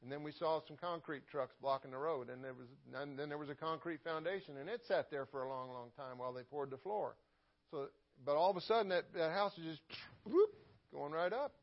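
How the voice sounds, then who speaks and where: A man's voice: on the high side, fairly quick, highs cut off. A man preaching a sermon as pastor, in a conversational way, often repeating words and asking for an amen.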